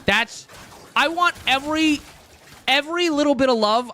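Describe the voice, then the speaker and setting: A man's voice: very high-pitched, moderate pace, pushed and bright. A young man streaming, chatting casually and rambling with jokes to his chat. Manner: rambling, joking, talks to chat.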